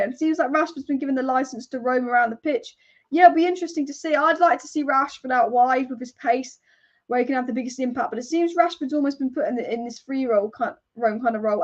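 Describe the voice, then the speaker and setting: A young woman hosting a live football watch-along, chatting excitably and swearing casually as she reacts to the match. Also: high voice, dull audio. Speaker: football fan channel host.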